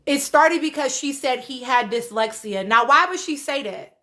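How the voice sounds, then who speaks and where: A woman's voice: sits high, lively intonation, moderate pace, bright, forceful tone. A woman hosting a casual livestream, laughing often and talking straight to her viewers. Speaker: livestream host. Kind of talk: casual live-stream chat reacting to comments.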